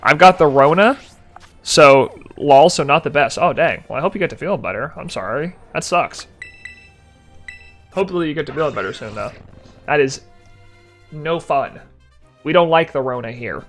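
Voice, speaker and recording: Animated young man streaming casually. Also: a little high. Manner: rambling, jokey, reads chat aloud. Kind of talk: casual live-stream chat.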